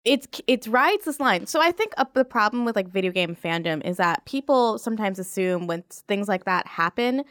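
A woman's voice: mid-range voice, lively intonation, normal speed, hardly any pauses, a bit bright, no echo, studio quality. A woman hosting a casual podcast, explaining ideas in an easygoing, agreeable way. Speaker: podcast host.

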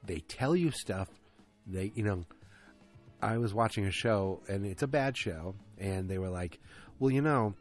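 A man's voice: sits low, lively intonation, unhurried, faint music behind. A man casually recapping a TV episode, ranting, swearing and drifting off on tangents.

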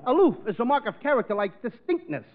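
A high, lively man playing the flustered comic in a vintage radio routine, twisting words like an overgrown kid. His voice swoops up and down, and the broadcast sound is tinny and noisy. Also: fast. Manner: flustered, childlike, mishearing wordplay. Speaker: comedian. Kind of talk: 1940s radio comedy.

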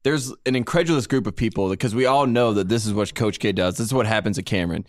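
Man co-host, joking and animated, casual sports podcast, dry close sound. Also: fairly low pitch, no room sound. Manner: animated, joking, quick asides.

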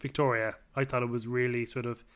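A man co-hosting a casual podcast, relaxed and enthusiastic as he leads the review segments. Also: mid-range voice, brisk. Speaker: podcast co-host. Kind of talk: casual chat.

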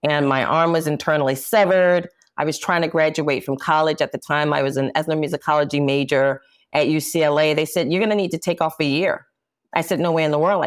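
A woman, an interview guest, telling a painful personal story with intensity and indignation. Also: low voice. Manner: intense, indignant, quotes herself forcefully. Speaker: interview guest, jazz singer. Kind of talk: emotional personal account.

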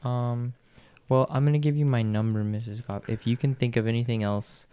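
A man's voice: medium pitch, fairly even intonation, brisk, mellow, clear, resonant tone, no echo. A man role-playing a priest in a tabletop game, talking hesitantly with many restarts. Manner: hesitant, lots of fillers and restarts. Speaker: player voicing a priest.

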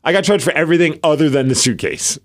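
A man co-hosting a casual podcast chat, telling stories with animated, acted-out quotes. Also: fairly high pitch, fast talker. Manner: animated storyteller, acts out quoted lines. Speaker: podcast co-host.

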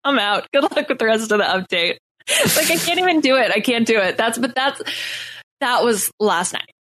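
A woman's voice: fairly high pitch, animated, moderate pace, a bit bright, slight background noise. A woman co-hosting a podcast, talking casually with sarcasm and exasperation, often laughing. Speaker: podcast co-host.

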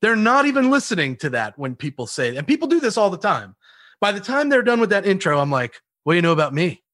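Animated man telling sales stories. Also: high voice, fairly quick, no room sound, clean studio sound. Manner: animated, laughs often, mimics callers. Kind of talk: energetic sales talk with acted-out call examples.

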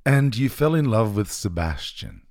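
A male interviewer giving short affirmations and slow, brief prompting questions. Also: lowish voice, big pitch swings, darkish tone, dry recording.

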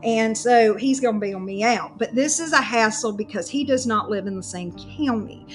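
A woman with a fairly high voice tells a story in relaxed, chatty fashion, jumping into the voices of the people involved. Faint music plays underneath. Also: moderate pace. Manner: animated, acts out both sides of the story. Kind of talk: casual storytelling chat.

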